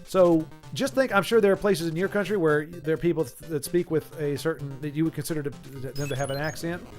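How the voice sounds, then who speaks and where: A man in his forties talking through a game on a live stream, his voice sitting a little high for a man. He stumbles and restarts his sentences as he answers the chat, and faint game music plays behind him. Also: brisk. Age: 40s. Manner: stammering restarts, reads viewer chat aloud. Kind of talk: casual live-stream chat while playing.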